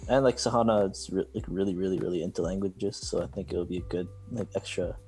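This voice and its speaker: A man's voice: sits low, fast, a little mellow, soft background music, rough recording. A young man co-hosting a podcast, easygoing and hesitant, with many fillers. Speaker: podcast co-host. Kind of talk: casual chat.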